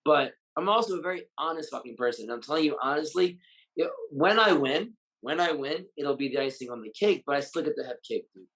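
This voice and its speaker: A man's voice: on the high side, animated, a little fast, fairly bright tone, poor audio. A Muay Thai fighter and coach, a man, speaking bluntly and with raw emotion in a candid interview, swearing freely. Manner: blunt, heavily profane, openly emotional.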